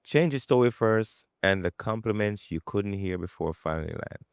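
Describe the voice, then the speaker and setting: Man, podcast host, lowish voice, reflective, repeats himself, dry close sound. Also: lively intonation, moderate pace, clear, resonant tone, no echo. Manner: reflective, repeats words as he builds a point. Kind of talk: casual interview.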